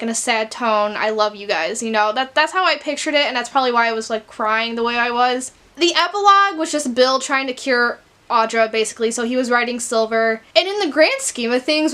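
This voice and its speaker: A young Chicago woman makes a book vlog, chatting casually and rambling, with "like" used as a frequent filler and teary moments along the way. Her voice is high with a sharp tone.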